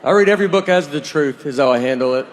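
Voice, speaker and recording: A man in his forties performs stand-up with a dry, meandering delivery, poking fun at himself. His voice sits a little high for a man. The live recording carries a clear layer of noise. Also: fast talker. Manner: dry, rambling, self-deprecating. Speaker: stand-up comedian. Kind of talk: stand-up comedy routine.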